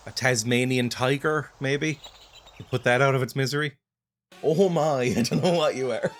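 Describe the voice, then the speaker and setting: A man's voice: medium pitch, a bit bright. A man narrating and playing a video game with dry, self-mocking humor. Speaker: gaming YouTuber. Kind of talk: let's play commentary with scripted narration.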